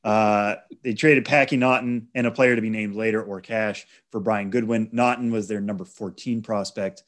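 Podcast co-host, male, lower voice, methodical stat-laden explainer. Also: fairly even intonation. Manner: measured, stat-heavy explaining. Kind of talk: casual sports chat.

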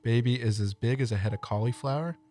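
A man co-hosting a casual podcast, throwing in wry, deadpan jokes. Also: mid-range voice, quick pace. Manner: wry, joking deadpan asides. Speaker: podcast co-host.

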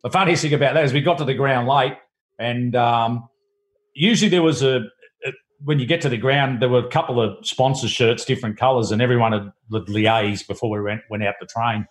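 A man's voice: mid-range voice, brisk. A man, a former cricketer turned TV producer, reminiscing in a rambling way with frequent restarts. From Australia. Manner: rambling, many restarts and fillers. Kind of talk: casual storytelling.

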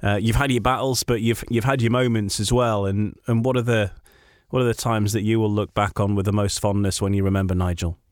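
A man hosting a podcast, asking guests questions with some hesitation and fillers, then presenting in a measured way. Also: lowish voice, little pitch movement, darkish tone, no echo, clean studio sound. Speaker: podcast host.

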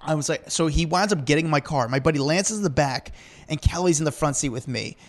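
A man talks quickly and a little high for a man, spinning a rambling celebrity story as a podcast co-host. He jumps into the voices of the people he met, keeping the chat loose and animated. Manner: rambling, animated, acts out quotes.

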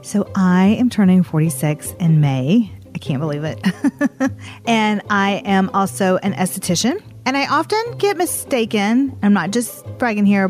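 A pregnant esthetician in her forties co-hosting a podcast, chatting casually and reading an ad. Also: mid-range voice. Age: 40s. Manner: relaxed, chatty, spells out web addresses in the ad read. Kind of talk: casual podcast chat with ad read.

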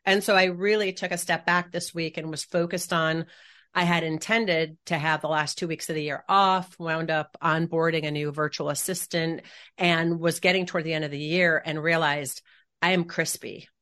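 A woman co-hosting a podcast thinks aloud in a relaxed, reflective way, at times searching for words. Her voice sits low for a woman. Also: normal speed. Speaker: podcast co-host. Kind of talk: casual chat.

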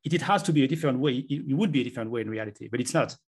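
The author races through his explanations in a medium-pitched, darkish voice with a slightly rough texture. As a guest in a conversational interview, he speaks earnestly and talks himself through examples.

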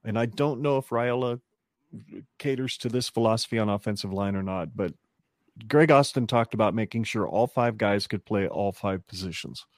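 A man with a lowish voice puts his questions casually to his co-host on a sports podcast. It is recorded dry and close to the mic. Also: moderate pace, no room sound.

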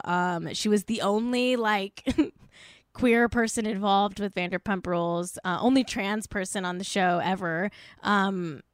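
A woman's voice: mid-range voice, no room sound, studio quality. Sarcastic woman ranting in a vlog. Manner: sarcastic, exasperated, lots of "like". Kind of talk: casual commentary vlog.

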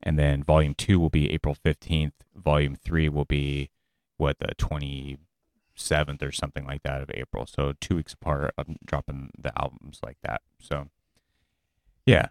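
A man's voice: very deep voice, level tone, normal speed, darkish tone, dry recording, studio quality. A man talking casually as a musical guest on a local podcast, joking and letting his sentences trail off.

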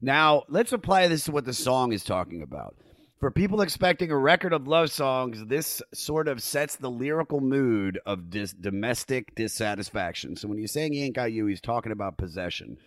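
A man's voice: mid-range voice, lively intonation, moderate pace, dry recording, clean studio sound. A man hosting a podcast, chatting in a laid-back way and swearing casually. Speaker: podcast host.

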